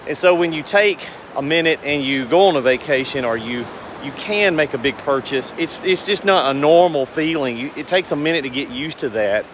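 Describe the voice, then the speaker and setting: Folksy man, somewhat high voice. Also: expressive, normal speed, fairly bright tone, a little hiss or hum. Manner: rambling, earnest, folksy. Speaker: business owner vlogger. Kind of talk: casual talk to camera.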